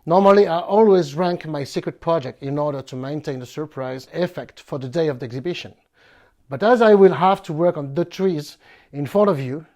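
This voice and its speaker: French guy hosting his bonsai vid, kinda high voice, stops and starts a lot. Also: a little mellow. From France. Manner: playful, halting with many fillers. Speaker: bonsai video host. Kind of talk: casual presentation.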